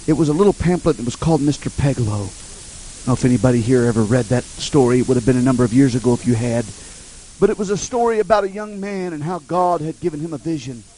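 A man's voice: on the high side, warm tone, low-quality recording. A man preaching a sermon and telling a story with passion and many repetitions.

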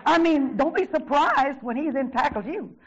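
Fervent older woman preaching, high voice. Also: animated, highs cut off. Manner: swings from shouted, drawn-out praise to low, quiet asides; fervent, repeats exclamations of praise. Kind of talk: sermon.

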